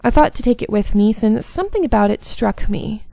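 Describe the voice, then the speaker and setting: A woman reading visual novel narration aloud, with small slips and stumbles along the way. Her voice is gravelly with vocal fry. The sound is close and dry. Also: a little high, expressive, fairly quick, mellow, no room sound. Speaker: game streamer.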